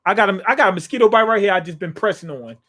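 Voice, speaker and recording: A man's voice: sits high, expressive, rapid-fire, pushed and bright. A man hosting a casual live reaction to a comic chapter, rambling with jokey asides and many restarts. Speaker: manga reaction channel host.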